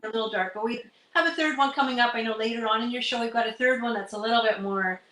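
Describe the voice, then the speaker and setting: A woman's voice: a little high, quick pace, a bit bright, reverberant, rough recording. A middle-aged woman from Canada, a musician guest chatting casually and rambling with many fillers. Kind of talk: casual livestream chat.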